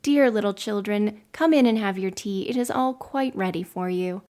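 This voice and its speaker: A woman's voice: on the high side, moderate pace, vocal fry, a little mellow. A woman reading a mother's lines, tender and sorrowful. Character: loving, tearful mother of two.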